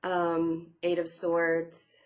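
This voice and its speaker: A woman's voice: on the low side, completely flat delivery, extremely slow, darkish tone. A young woman giving a casual tarot reading, chatty and a little sarcastic, with frequent fillers and light laughs. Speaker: tarot reader.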